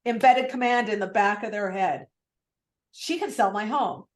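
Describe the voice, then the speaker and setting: A lively woman coach running a call-script lesson on a video call, her voice a little higher than most. She talks with real energy and acts out what clients might say. The sound is roomy, with a clear echo. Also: moderate pace.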